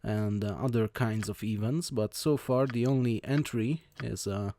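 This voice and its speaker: A let's play host with a mellow, lowish voice narrates his gameplay, sounding hesitant and halting, with lots of "uh" fillers and restarts. He reads the game text aloud plainly, without doing character voices. The recording has no audible room sound.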